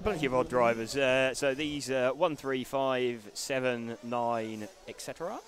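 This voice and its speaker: A man's voice: mid-range voice, steady tone, measured pace. A man commentating a live race, dry and matter-of-fact, reading out driver lists and describing the track.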